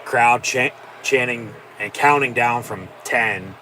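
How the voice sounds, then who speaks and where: A man's voice: medium pitch, slow, sharp tone, slight background noise. A man hosting a live watch-along, giving profane, sarcastic, exasperated reaction commentary.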